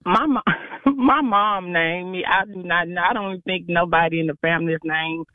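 A woman's voice: fairly low pitch, normal speed, no echo, narrow, tinny audio. A woman from Texas with a Southern country twang, calling in to a radio quiz and giving short, hesitant answers. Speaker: radio contest caller. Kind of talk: phone-in quiz on a morning show.

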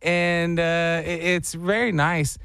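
A man hosting a radio show, telling a rambling, animated story in casual on-air chat. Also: on the high side, slow, creaky, smooth, dry recording, clean studio sound.

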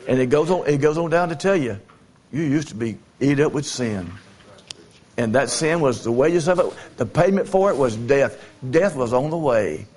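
A man's voice: mid-range voice, animated, a little mellow. A man preaches a sermon as a traveling evangelist. He tells homespun stories in a folksy, plain-spoken way. He stumbles over fillers and repeats phrases as he goes. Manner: folksy, storytelling, repeats himself with halting fillers.

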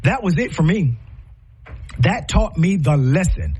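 A high-voiced man with a husky edge hosts a podcast, speaking with impassioned conviction. He talks like a preacher, piling up rhetorical questions and repeating phrases for emphasis. His pitch swings widely from phrase to phrase. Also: expressive, measured pace, darkish tone, low-quality recording. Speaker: podcast host. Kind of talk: impassioned commentary.

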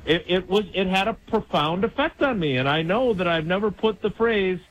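A man's voice: high voice, expressive, moderate pace, no echo, dull audio. A middle-aged man calling in to a radio show on a phone hotline, rambling and joking at his own expense. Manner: rambling, self-mocking, joking. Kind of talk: casual call-in chat.

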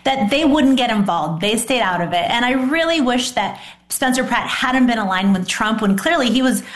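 A woman's voice: a little high, lively intonation, normal speed, roomy sound. A woman giving passionate, emphatic political commentary as a guest on a news show. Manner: fired up, emphatic.

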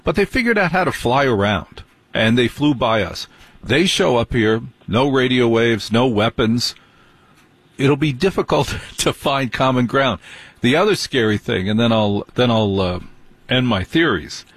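A man hosting a radio talk show, musing and speculating in an unhurried way. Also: medium pitch, lively intonation, husky, no echo.

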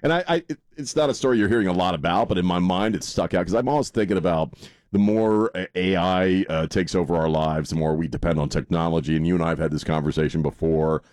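A man's voice: low voice, quick pace, a little mellow, no room sound, clean studio sound. A male radio co-host telling stories in a casual, rambling way with many fillers. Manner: rambling, filler-heavy storytelling. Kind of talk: casual talk radio chat.

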